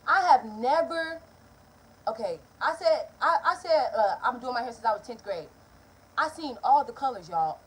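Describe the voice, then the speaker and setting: Animated, high-voiced young woman vlogger. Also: normal speed, slightly rough. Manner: animated, profane, emphatic storytelling. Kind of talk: casual storytime.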